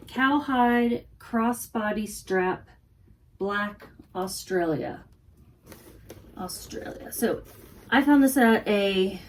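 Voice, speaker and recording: Texas woman chatting while she packs orders, thinks out loud, corrects herself a lot, bit of faint noise behind. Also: a little high. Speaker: online reseller. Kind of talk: casual chat while packing orders.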